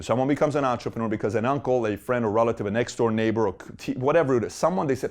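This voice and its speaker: A middle-aged man hosting a motivational talk, animated, firing off rhetorical questions with big swings in pitch. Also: rapid-fire, few pauses. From Middle Eastern family. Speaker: host.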